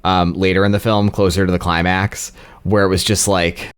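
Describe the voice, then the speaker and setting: A man's voice: low-pitched, flat delivery, moderate pace, clear, resonant tone. A man co-hosting a podcast, giving hesitant opinions in casual chat with many fillers and restarts. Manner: hesitant, lots of ums and restarts. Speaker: podcast co-host. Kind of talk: casual movie-review chat.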